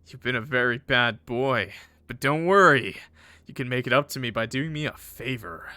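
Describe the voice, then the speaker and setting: A man voicing a menacing, cocky adult male thug in a visual novel, with a slow, taunting delivery. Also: mid-range voice, lively intonation, pushed and bright, dry recording.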